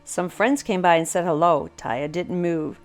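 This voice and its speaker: Older woman narrator, children's story, expressive read-aloud, faint music under. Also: fairly low pitch, measured pace.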